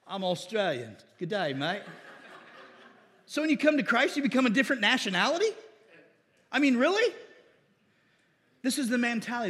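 A man preaching a sermon, animated, with laughs and mocking impressions of critics. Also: extremely high pitch, big-room sound. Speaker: pastor.

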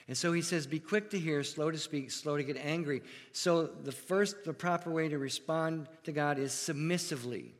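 Preaching to his congregation in a church, a pastor speaks earnestly and deliberately, posing rhetorical questions. His pitch is fairly high, and a long reverb tail follows his words.

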